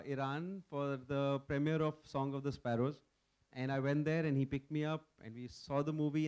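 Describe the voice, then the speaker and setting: A man's voice: a little high, clean tone. A man, a film director, telling a long anecdote on stage, with frequent hesitations. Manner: warm storyteller with many uhs and ums.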